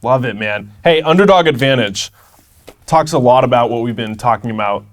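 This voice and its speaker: A man's voice: medium pitch, lively intonation, moderate pace. A man hosting a podcast, putting an eager, upbeat question to his guest. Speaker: podcast host. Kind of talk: interview questions.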